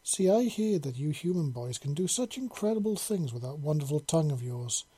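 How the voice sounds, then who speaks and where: A man reading the part of a sultry, eager female dragon-woman who purrs and teases softly. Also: on the high side, very animated, brisk, slightly rough. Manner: purring, soft and teasing.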